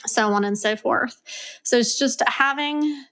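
A woman's voice: sits high, fairly bright tone, clear, resonant tone. A woman in her thirties with a Southern US accent, chatting as a podcast guest and laying out her daily routine step by step. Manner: brisk, organized, listing routines step by step. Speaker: guest, executive assistant. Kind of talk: casual podcast chat.

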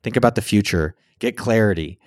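A man's voice: lowish voice, fairly quick, no room sound, clean studio sound. A man vlogging in a casual storytelling style. He speaks candidly, swears freely, and acts out his own past words.

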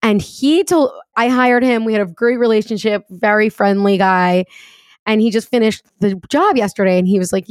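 A woman's voice: mid-range voice, normal speed, darkish tone, no echo, clean studio sound. A woman hosting a podcast in casual chat, talking in a chatty way with frequent "like" fillers. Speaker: podcast host.

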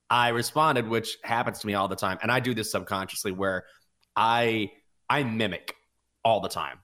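A man's voice: on the low side, pushed and bright. A man in his fifties with a Southern American accent, hosting a sports betting podcast in casual, rambling chat. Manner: rambling, self-reflective, restarts often.

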